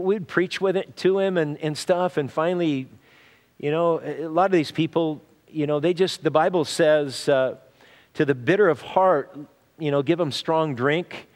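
Male pastor, somewhat higher-pitched voice, informal halting preaching style, long hall reverb. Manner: conversational preaching with frequent fillers and restarts. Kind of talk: sermon.

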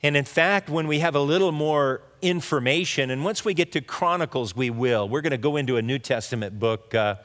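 A pastor giving a conversational sermon, teaching through a Bible passage with frequent restarts and asides. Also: male voice, a little high, a little fast, few pauses, fairly bright tone. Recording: long hall reverb.

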